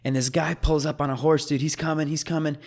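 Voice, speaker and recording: A man hosts a relaxed gaming podcast, telling stories with lots of energy, casual swearing and frequent laughter. His voice sits a bit higher than most men's. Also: fast talker. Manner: animated storytelling, swears, laughs a lot. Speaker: podcast host.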